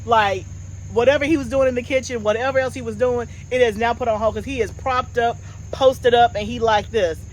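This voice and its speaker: Woman, 40s, homestead vlog host, relaxed animated chatter, calls viewers y'all. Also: fairly high pitch, brisk, a little hiss or hum, rough recording. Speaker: homestead gardening channel host. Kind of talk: casual chat.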